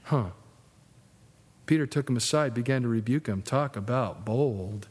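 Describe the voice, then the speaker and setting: A man preaching a sermon in a lively, conversational way, jumping into high voices when he acts out what people said. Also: a little slow, husky. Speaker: pastor. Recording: long hall reverb.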